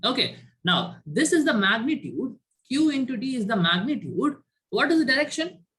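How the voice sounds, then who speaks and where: A man's voice: very high-pitched, big pitch swings, moderate pace, pushed and bright. A male chemistry teacher giving an online class, quizzing students and tagging his points with "right?". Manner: quizzes students, frequent "right?" tag questions. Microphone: video call.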